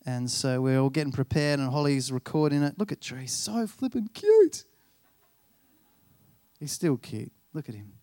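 A man's voice: mid-range voice, big pitch swings, normal speed, mellow, dry recording. A man in his thirties, a pastor preaching a sermon in a chatty, self-deprecating way, acting out bits of dialogue as he tells stories. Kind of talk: sermon with personal storytelling.

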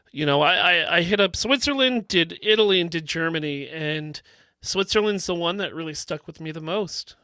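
A man rambling on in a casual podcast chat, animated, with crude jokes. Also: on the high side, no echo, studio quality. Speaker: podcast co-host.

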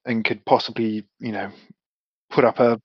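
A man's voice: on the low side, flat delivery, normal speed, breathy edge, dry recording, dull audio. A man playing a tabletop game with friends, chatty and casual with frequent restarts. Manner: chatty, stumbling restarts, swears. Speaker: player.

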